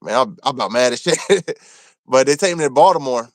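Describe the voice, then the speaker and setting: A man from Maryland telling a rough story from his time in prison, cursing freely and acting out what people said. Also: medium pitch, brisk, dry recording. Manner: animated, profane, acts out quotes. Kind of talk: casual storytelling.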